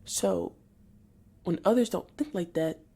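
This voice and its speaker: Irritated woman venting, low and mellow. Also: gravelly, slightly rough. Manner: irritated, venting, halting with many restarts. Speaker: podcast host. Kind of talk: solo podcast monologue.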